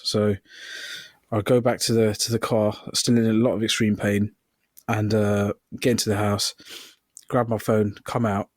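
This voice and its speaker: A man's voice: lowish voice, a little mellow, dry recording, clean studio sound. A man, co-hosting a podcast and telling a work story in casual chat, acting out the quoted lines with laughter. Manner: storytelling, acts out quoted dialogue with swearing and laughter. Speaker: podcast co-host.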